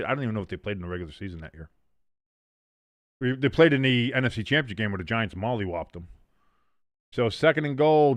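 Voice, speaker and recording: A man hosting a live watch-along stream, calling the plays casually and jumping sharply in pitch and volume on big moments. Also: dry recording. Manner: mumbles and scats to himself while thinking. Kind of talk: casual live play-by-play commentary.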